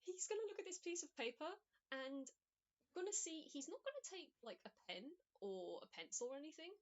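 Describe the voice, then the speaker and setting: A woman with a fairly high voice plays a tabletop role-play game, describing her moves slowly and hesitantly. Her sound is dull and lo-fi, as if recorded over voice chat. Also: sing-song. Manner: halting, hesitant with many ums. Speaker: player.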